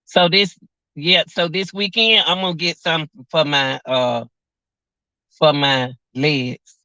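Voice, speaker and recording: A woman's voice: low voice, fairly even intonation, slow, sharp tone, dry recording, dull audio. A woman of about forty chatting on her vlog, laughing often and joking, outdoors by a car on a cold windy day. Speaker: vlog host. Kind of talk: casual livestream chat.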